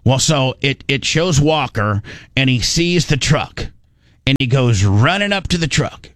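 A man hosting a casual radio show, rambling through stories with lots of restarts and animated asides. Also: medium pitch, a little slow, dry recording. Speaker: show host.

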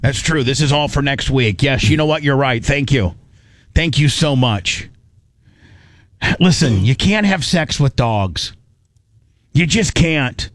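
On a studio microphone with no room sound, a radio host speaks slowly and animatedly at medium pitch, leaving long pauses. He rambles and stammers through emotional casual banter in his studio.

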